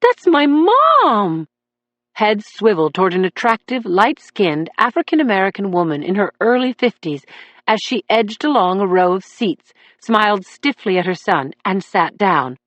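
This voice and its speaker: A woman reading a crime novel aloud in a measured, even narration. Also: medium pitch, no echo. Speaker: audiobook narrator.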